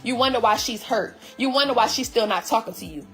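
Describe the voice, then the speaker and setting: Woman, slightly high voice, heated, blunt, profane, casual talk to viewers, faint background music. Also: fast, fairly bright tone. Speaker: vlogger recapping her relationship.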